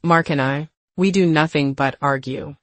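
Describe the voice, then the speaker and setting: A woman voicing an exhausted, remorseful grown daughter in a spoken story, halting and hesitant. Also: sits low, no echo, natural voice.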